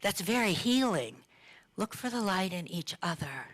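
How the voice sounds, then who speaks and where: A woman's voice: medium pitch, sing-song, normal speed. Woman minister giving a casual sermon. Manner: conversational, asks the listeners questions, laughs lightly. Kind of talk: informal sermon talk.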